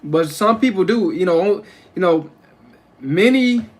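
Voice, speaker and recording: A man's voice: high voice, normal speed. A man hosting a casual livestream from home, rambling and repeating himself as he restarts his phrases. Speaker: livestream host.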